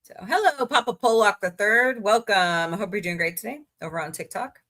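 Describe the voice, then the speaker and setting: A woman's voice: mid-range voice, a little fast, a bit bright. A woman hosting a casual livestream, chatting to viewers and reading good-news stories aloud with her own asides, yawning now and then. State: yawning, tired. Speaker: livestream host.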